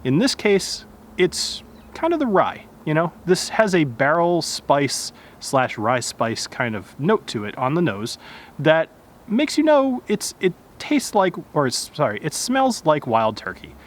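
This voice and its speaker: A man's voice: a little high, very animated, unhurried. A man casually reviewing a whiskey outdoors, chatty and correcting himself as he goes. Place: outdoors in nature.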